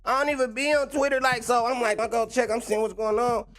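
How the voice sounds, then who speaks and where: A man's voice: very high-pitched, little pitch movement, fast talker, a bit bright, soft background music. A young man, ranting casually on a livestream, slangy and laughing often. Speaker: livestream host.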